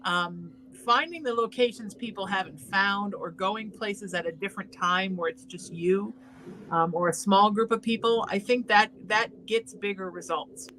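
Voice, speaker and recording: A woman's voice: mid-range voice, normal speed, a bit bright, a little hiss or hum, low-quality recording. A woman hosting an interview show, thoughtfully sharing her own views with her guests in casual conversation. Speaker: podcast host.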